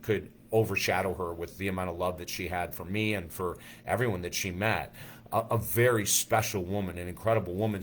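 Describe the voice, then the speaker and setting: A man's voice: on the low side, slight background noise. A male life coach telling an earnest, emotional personal story in a monologue, often restarting his sentences.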